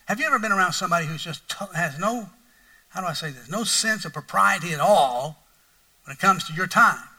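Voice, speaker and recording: A man's voice: high voice, expressive, a little fast, bright, forceful tone, distant mic, low-quality recording. A middle-aged man preaching a sermon as pastor, telling a folksy story with lots of repetition and bursts of mock outrage.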